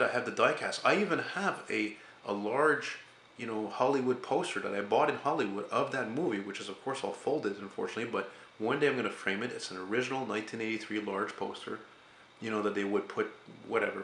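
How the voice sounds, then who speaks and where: A man's voice: lowish voice, fairly quick, a bit bright, a little hiss or hum. A man around forty, an artist hosting his own channel, talking casually in a rambling, hesitant way with frequent fillers and casual swearing. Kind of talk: casual vlog talk.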